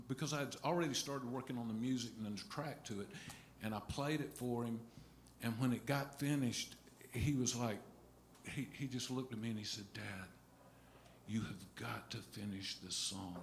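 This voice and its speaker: A middle-aged man telling a halting, rambling story between songs at a live concert, restarting his sentences often. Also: medium pitch, a little hiss or hum. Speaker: singer-songwriter on stage. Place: music venue stage. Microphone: stage vocal mic. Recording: roomy live venue sound.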